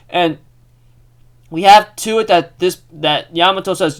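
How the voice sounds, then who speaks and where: Casting: young male recap host, excitable, rambling, slightly high, clean voice. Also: a little slow, pauses often, clear, resonant tone. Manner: excitable, rambling, laughs often, lots of fillers. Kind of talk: casual chat recap.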